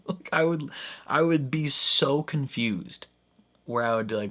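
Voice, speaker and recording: A young man talks through his reaction to a TV episode in loose, casual commentary. He rambles, leans hard on "like" and "I don't know", and keeps laughing between thoughts. His voice sits at an ordinary middle pitch for a man. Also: measured pace, long pauses, fairly bright tone. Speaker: reaction video host.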